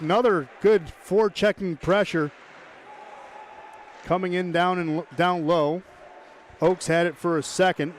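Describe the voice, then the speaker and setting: A man calling live hockey play-by-play, brisk and chatty, tossing in joking asides. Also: sits high, steady tone, a little hiss or hum. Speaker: play-by-play commentator.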